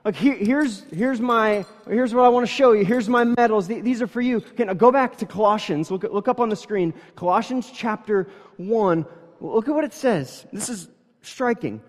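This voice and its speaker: A man in his thirties preaches in a church hall, his voice pitched high for a man. He talks in a loose, conversational way, full of quick asides. The long reverb of the hall hangs behind every phrase. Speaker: pastor. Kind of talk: sermon.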